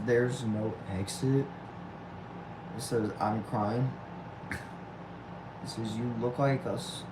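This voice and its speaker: A man's voice: medium pitch, noisy background. A man, reading chat aloud on a casual livestream from a small back room at home and answering with dry, easygoing replies. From Texas. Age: 20s.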